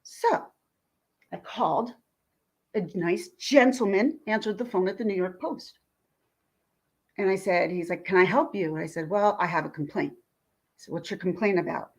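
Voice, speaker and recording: A woman's voice: mid-range voice, normal speed, long pauses. A woman vlogger, indignantly retelling a phone call in a ranting commentary.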